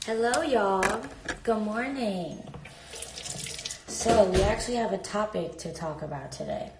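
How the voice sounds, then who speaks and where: A woman streaming live on her phone from a hotel room, chatting loosely and filling her sentences with "like." Her voice sits in a middle range with a gravelly, creaky edge. She keeps talking while packing her bag. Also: mid-range voice, unhurried, very noisy. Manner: rambling, full of "like" fillers. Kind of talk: casual live-stream chat.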